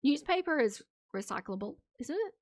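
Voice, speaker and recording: A woman's voice: high voice, very animated, moderate pace, no echo. A woman streamer giving casual, opinionated commentary to her live chat, laughing often between remarks. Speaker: streamer reacting to videos.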